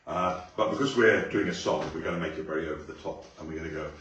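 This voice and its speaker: A man teaching a song to a class, explaining casually and bursting into loud sung phrases. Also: a bass voice, quick pace, a little hiss or hum. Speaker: music teacher. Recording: echoey room, mic at a distance.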